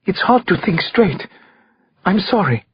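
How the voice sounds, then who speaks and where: A man's voice: high voice, big pitch swings, unhurried, breathy edge, lo-fi sound, pitched above the performer's own voice, exaggerated voice. A man narrating an audiobook voices a frightened young woman in her early twenties, shaky and whimpering. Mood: shaken.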